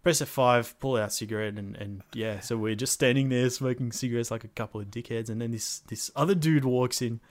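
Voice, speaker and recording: A young man tells a rambling, sweary gaming story in casual chat. His voice sits at a middle pitch, and he keeps slipping into jokey voices. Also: a little fast, few pauses.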